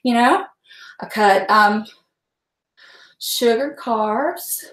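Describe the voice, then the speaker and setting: A woman's voice: fairly high pitch, extremely slow, a bit bright. Chatty woman cooking in an echoey kitchen. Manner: chatty, rambling, frank and salty. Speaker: home cook livestreaming. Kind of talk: casual chat while cooking. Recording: echoey room.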